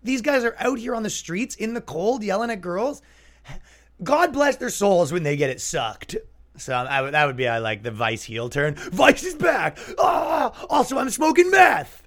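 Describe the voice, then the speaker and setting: A man's voice: sits high, animated, moderate pace, fairly bright tone. A young man hosting a comedy podcast, chatting loosely and jokingly, slipping into exaggerated mock voices. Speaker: podcast host. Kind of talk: casual comedic podcast riffing.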